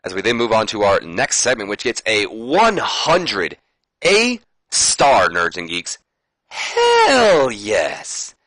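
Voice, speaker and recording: A man's voice: lowish voice, lively intonation, a little slow, few pauses, pushed and bright, no room sound, low-quality recording. A man casually commenting on a wrestling management game, chatty and prone to swearing. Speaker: gameplay commentator. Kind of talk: casual let's-play commentary.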